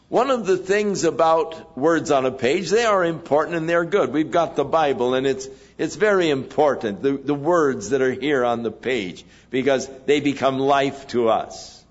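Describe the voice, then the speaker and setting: A man preaching an expository sermon in a measured way, pausing between phrases. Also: on the high side, muffled recording. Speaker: pastor.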